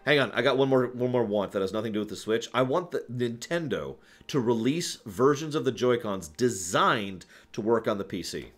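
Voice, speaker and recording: A man's voice: mid-range voice, expressive, moderate pace, hardly any pauses. A man answering viewer questions on a casual live stream, rambling, correcting himself and chuckling as he goes.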